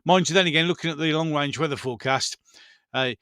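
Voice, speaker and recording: A man's voice: fairly high pitch, fast, bright, forceful tone, smooth, no echo, clean studio sound. A man in his fifties with a Brummie accent, hosting a frank, rambling casual chat with his viewers. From Birmingham, England. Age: 50s. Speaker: channel host. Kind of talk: casual live-stream chat.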